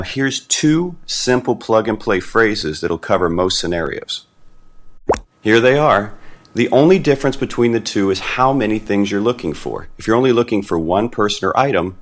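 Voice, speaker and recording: A man narrating an animated beginner language lesson in a clear, deliberate teaching manner. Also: lowish voice. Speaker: Spanish teacher.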